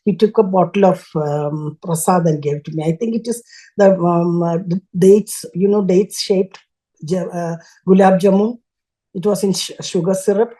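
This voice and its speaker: An older woman shares a personal devotional story as a guest. Her voice sits low and has a soft, mellow warmth. She speaks haltingly, breaking off mid-phrase and restarting as she looks for the right word. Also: steady tone, poor audio. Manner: halting, searching for words with frequent restarts. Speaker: guest sharing a devotional testimony.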